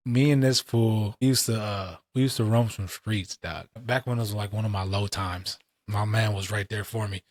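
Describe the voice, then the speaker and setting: A man's voice: on the low side, fairly even intonation, normal speed, few pauses, no echo, clean studio sound. Slangy, profane man on a podcast. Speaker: podcast co-host. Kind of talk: casual podcast chat.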